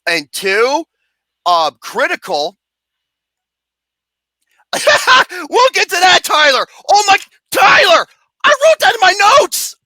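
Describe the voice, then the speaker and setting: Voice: very high voice, wildly swooping pitch, slow, long pauses, pushed and bright, no room sound. A movie reviewer ranting about a film in a comedic, profane way, mocking and sarcastic, swearing constantly and breaking into laughter.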